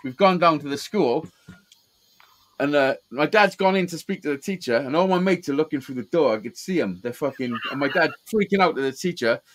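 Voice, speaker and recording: A fairly quick man with a slightly high voice and lively intonation comes through a rough recording. Hosting a live call-in show, he tells stories casually, swears constantly, and laughs at his own anecdotes.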